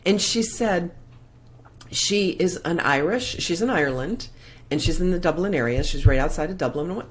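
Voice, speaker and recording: A woman's voice: on the low side, animated, normal speed. A woman hosting a live morning show, talking in a casual, emotional, heartfelt way with many restarts into a plug-in microphone. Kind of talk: casual live-stream chat.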